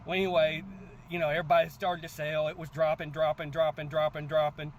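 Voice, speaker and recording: A man hosting a crypto channel, telling a story in casual, animated talk and often asking "guess what" before his point. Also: a little high, fast, a little hiss or hum. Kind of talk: casual motivational talk to camera.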